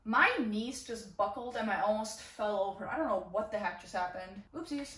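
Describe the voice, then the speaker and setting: A woman's voice: medium pitch, moderate pace, a bit bright, roomy sound. A young woman chatting casually as a book vlogger, bubbly and chatty with dramatic exclamations, recorded in her bedroom. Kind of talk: casual vlog chat.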